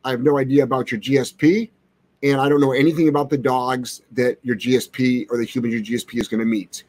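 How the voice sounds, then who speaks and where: A man's voice: mid-range voice, steady tone, fast talker, darkish tone, no echo. A man who trains dogs, hosting a live question-and-answer stream, talking in a blunt, brash and sarcastic way. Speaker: dog trainer, show host.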